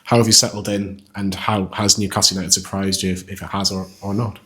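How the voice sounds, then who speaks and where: A man reporter asking a footballer quick, direct questions after a match. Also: low voice, level tone, bright, forceful tone.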